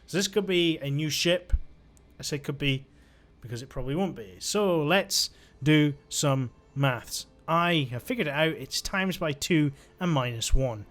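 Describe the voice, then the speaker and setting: Unhurried and lively in intonation, this man's slightly high, fairly bright voice carries casual commentary over a video game. He's a let's-play gamer who chats, jokes and thinks through things out loud.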